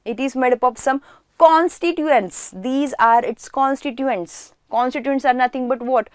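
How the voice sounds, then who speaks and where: A woman's voice: sits high, unhurried, clean tone, no room sound, clean studio sound. A woman teaching a chemistry class online, who asks questions and answers them herself and repeats key words for emphasis.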